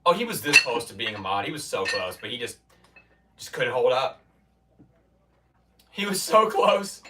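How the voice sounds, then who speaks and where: A man's voice: medium pitch, expressive, fairly quick, pushed and bright, distant mic, a little hiss or hum. Rambling streamer man, away from the mic. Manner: rambling, restarts, mock-quotes chatters. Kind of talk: casual chat with stream viewers. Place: home gym in a basement.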